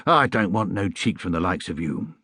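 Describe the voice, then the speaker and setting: A stern, sarcastic middle-aged gatekeeper, as a man acts him out for a storybook. He talks bluntly and without patience, and the pitch jumps around a lot. The sound is dry. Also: big pitch swings, moderate pace, pushed and bright, dry recording, exaggerated voice. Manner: sarcastic, blunt, working-class.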